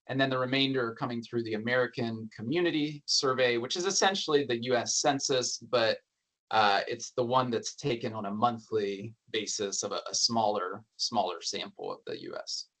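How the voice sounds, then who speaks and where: Man giving a relaxed research talk. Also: mid-range voice, moderate pace. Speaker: education researcher presenting a report. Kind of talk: academic forum presentation.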